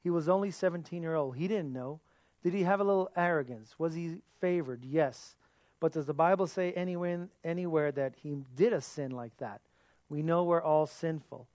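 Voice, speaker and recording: A man's voice: a little high, moderate pace, a little mellow, no echo. A man giving a sermon as a pastor, earnest, asking his listeners rhetorical questions.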